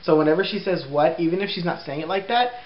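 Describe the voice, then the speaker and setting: A young man vlogging at home in a casual, rambling way, laughing often and filling pauses with ums. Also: high voice. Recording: roomy, dull lo-fi sound with faint hiss.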